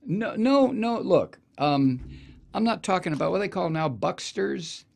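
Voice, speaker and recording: A male political talk host rants sardonically through a profane monologue. His gravelly voice sits fairly high and swings widely in pitch as he mocks and digresses. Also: lively intonation, a little slow. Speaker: radio talk show host.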